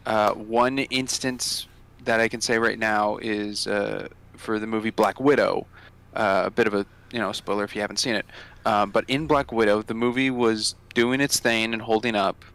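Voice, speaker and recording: A man's voice: on the low side, fairly even intonation, moderate pace, fairly bright tone. A man co-hosting a podcast, explaining how he rates films in a rambling way, often searching for words. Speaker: podcast co-host. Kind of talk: casual podcast chat.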